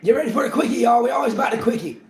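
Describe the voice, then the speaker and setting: A man hosting a livestream in casual chat, excitable and profane, repeating himself and talking over others. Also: extremely high pitch, rapid-fire, a little hiss or hum. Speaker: livestream host.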